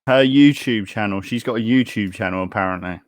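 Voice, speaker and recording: A man's voice: fairly low pitch, a little fast, no room sound, studio quality. A man co-hosting a casual wrestling podcast from the UK, dropping wry short quips and laughing often. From United Kingdom. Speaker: podcast co-host.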